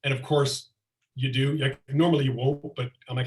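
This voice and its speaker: A middle-aged man telling lively anecdotes as a comedian guest, slipping into acted-out quotes, on a video call. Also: mid-range voice, normal speed. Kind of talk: casual storytelling chat. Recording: roomy echo, far from mic.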